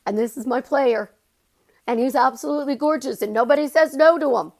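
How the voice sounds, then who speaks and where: A middle-aged woman with a fairly high voice, talking straight to her viewers as a life coach. Her delivery is animated and chatty, and she jumps up in pitch to stress a point. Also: brisk, vocal fry. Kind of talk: casual vlog monologue.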